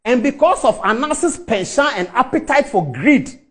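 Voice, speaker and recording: A middle-aged man with a Ghanaian English accent gives fiery, scornful commentary. His voice sits very high and swoops up and down animatedly, and he repeats words to drive each point home. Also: very animated, moderate pace. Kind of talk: impassioned commentary.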